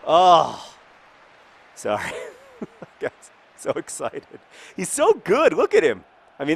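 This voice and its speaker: A man casually commenting on his football video game in a rambling, jokey way, breaking into excited shouts. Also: medium pitch. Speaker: gaming video host.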